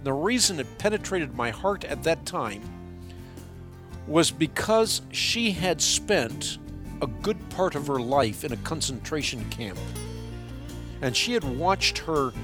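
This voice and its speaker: A man hosting a call-in radio show, teaching in an earnest, measured, devotional way. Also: a little high, very animated, music in the background.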